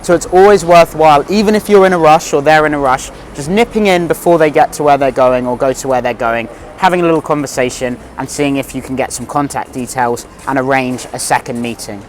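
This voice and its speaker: A man from London coaching viewers in a relaxed voice-over, explaining step by step. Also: medium pitch, fairly quick, few pauses, soft background music. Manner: relaxed, explanatory, slightly rambling. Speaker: dating coach. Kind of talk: instructional voice-over.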